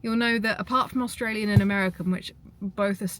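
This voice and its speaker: A woman's voice: medium pitch, fairly even intonation, a little fast, background noise. A young woman, a fitness coach, chatting casually and upbeat to her phone camera at the gym and at home. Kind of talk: casual vlog chat.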